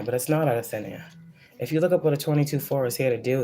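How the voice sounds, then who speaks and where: Extremely low-pitched and mellow, a woman's voice moves at a quick pace through a casual channeled spiritual reading. The psychic is blunt and profane, rambles and preaches, and repeats phrases for emphasis.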